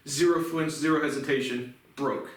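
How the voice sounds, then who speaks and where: A man's voice: medium pitch, steady tone, normal speed. A young man in his twenties rambles through an indignant, profane story, restarting his sentences as he goes. He sits well back from the mic. The room around him rings with heavy echo. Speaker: vlogger. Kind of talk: casual storytelling rant. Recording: very echoey room, distant mic.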